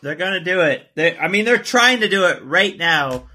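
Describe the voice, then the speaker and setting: A man with a bright, husky voice trades casual banter as a podcast co-host. His pitch jumps around a lot as he talks. He laughs easily and swears freely. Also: moderate pace. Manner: animated, laughs often, swears. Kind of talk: casual chat.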